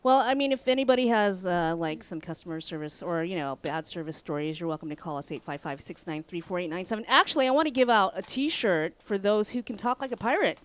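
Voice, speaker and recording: A woman of Filipino heritage hosting a casual radio talk show, chatty and quick to laugh. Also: fairly low pitch. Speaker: radio host.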